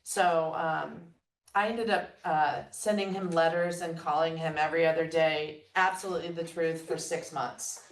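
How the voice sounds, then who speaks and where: A woman with a slightly low voice tells lively stories and acts out the lines of the people in them. Her voice sits a little back from the mic in an echoey room. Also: moderate pace. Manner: animated storyteller, quotes others with laughs. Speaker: guest entrepreneur. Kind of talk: conversational storytelling. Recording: roomy sound, mic at a distance.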